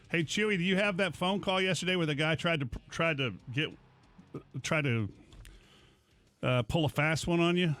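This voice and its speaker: A middle-aged man hosting a morning radio show, rambling through stories with animated asides in casual studio banter. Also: medium pitch.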